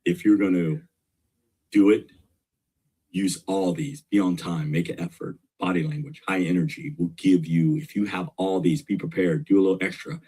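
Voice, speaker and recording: Middle-aged male guest, husky, pushes his points with energy and repetition. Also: low-pitched, moderate pace. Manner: energetic, emphatic, repeats key points. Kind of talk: casual interview talk.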